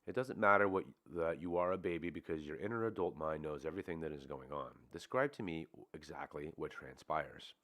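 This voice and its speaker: A man reading the part of a calm male hypnotherapist, asking steady, guiding questions. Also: very deep voice, fairly quick, few pauses.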